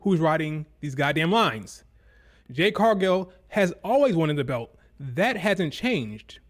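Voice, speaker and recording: A man giving casual, opinionated commentary on wrestling, blunt and exasperated. His voice sits slightly high, and he stumbles over and repeats his words as he talks. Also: very animated, slow. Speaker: wrestling show reviewer.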